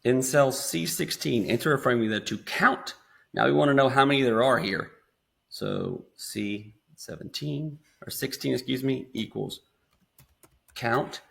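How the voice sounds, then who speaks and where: A man with an American accent casually talking students through a screen-recorded software tutorial step by step. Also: mid-range voice, big pitch swings, unhurried, creaky. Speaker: instructor.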